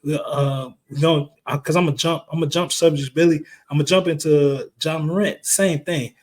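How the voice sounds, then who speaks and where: A man co-hosting a casual sports podcast, talking in a profane, heated, emphatic way, his voice a little hoarse. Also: fairly high pitch, fairly even intonation, a little fast, a little mellow. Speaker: podcast co-host. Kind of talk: casual sports chat and rant.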